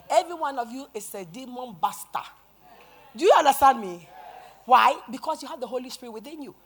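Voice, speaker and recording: A woman pastor preaching a sermon, telling a story with animated acted-out quotes and rising to shouts. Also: a little high, breathy edge. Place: church sanctuary.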